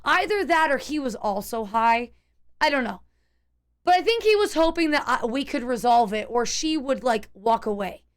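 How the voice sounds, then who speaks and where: High-voiced woman streamer telling a story. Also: normal speed, smooth. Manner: animated, tense retelling with many restarts and "like". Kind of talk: casual storytelling to chat.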